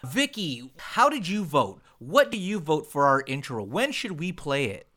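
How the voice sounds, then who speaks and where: A man's voice: a little high, big pitch swings, measured pace, sharp tone. A man hosting a podcast, joking and teasing his guests in casual chat. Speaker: podcast host.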